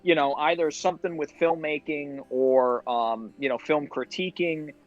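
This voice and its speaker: A man's voice: on the high side, normal speed, highs cut off. A man from Rhode Island, a podcast guest, chatting casually and rambling with easy laughs. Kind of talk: casual chat.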